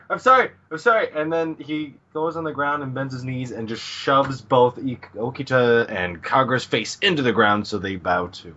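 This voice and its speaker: A man's voice: medium pitch, fairly bright tone, slightly rough. Laid-back male podcast co-host. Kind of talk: casual chat recapping a manga. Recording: dull lo-fi mic with faint hiss.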